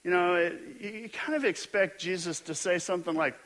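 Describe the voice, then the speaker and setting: A middle-aged male pastor preaching a sermon, telling stories with animated, self-mocking humor. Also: sits high, brisk.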